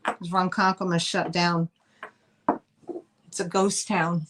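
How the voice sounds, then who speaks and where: Slow-talking New York woman selling live. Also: fairly low pitch, flat delivery, fairly bright tone, slight background noise. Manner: chatty, greets chat viewers by name. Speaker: live sale host. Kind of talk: live-stream selling chat.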